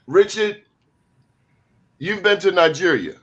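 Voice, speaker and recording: A man hosting a talk show, talking in an animated, emphatic way with lively asides. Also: high-pitched, slow pace, dull audio.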